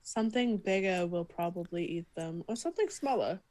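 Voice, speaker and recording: A woman playing a tabletop game in casual chat, playful and full of quick questions. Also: on the low side, lively intonation, darkish tone. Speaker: player.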